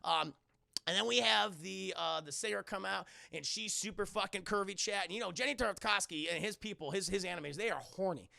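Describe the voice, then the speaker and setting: A man's voice: sits high, a little fast, gravelly, sharp tone, no echo. A man reviewing a cartoon on a live stream, swearing a lot and rambling as he talks straight to his chat. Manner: profane, rambling, keeps addressing chat. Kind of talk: casual live-stream commentary.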